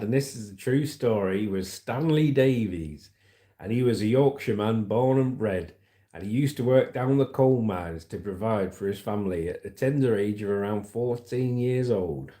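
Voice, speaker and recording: A man's voice: lowish voice, moderate pace, warm tone, roomy sound. A man hosting a livestream, chatting casually and rambling as he reads the news, often calling his viewers "mate".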